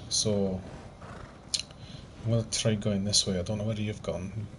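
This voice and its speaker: A young man talks through a gaming session on a headset, cursing and cracking jokes with his friends. His voice sits somewhat low. Game sounds come through clearly behind him. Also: flat delivery, measured pace. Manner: sweary, joking, sighs often. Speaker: gamer playing with friends online. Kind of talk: casual gameplay chat. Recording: noisy game capture.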